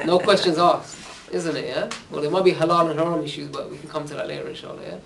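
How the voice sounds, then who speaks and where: A man's voice: a little high, steady tone, fast, vocal fry, fairly bright tone. A young man giving a casual religious talk, chatty, often checking in with "yeah?". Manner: chatty, keeps asking "yeah?". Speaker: Islamic preacher. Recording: voice from far off the mic.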